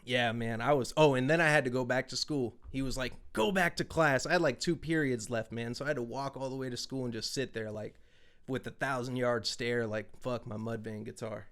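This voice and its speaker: A man hosting a podcast, telling stories in a loose, profane, animated way. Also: medium pitch, fairly quick, smooth. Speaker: podcast host. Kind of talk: casual chat, storytelling.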